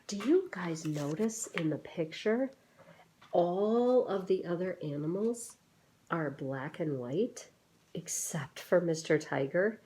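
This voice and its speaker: A woman, a teacher, reading a picture book aloud to children, gently pausing to ask questions and wonder aloud. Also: fairly low pitch, animated.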